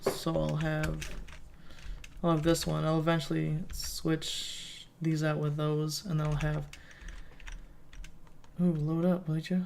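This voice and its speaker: A man's voice: on the high side, completely flat delivery, slow, gravelly, long pauses, a little mellow, a little hiss or hum. A man giving casual gameplay commentary as a let's play host, rambling and thinking aloud as he plays.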